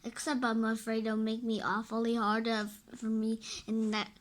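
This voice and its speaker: A woman voicing a calm, oddly wise small boy in a read-aloud of a graphic novel, matter-of-fact with small restarts. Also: fairly high pitch, normal speed, lightly acted.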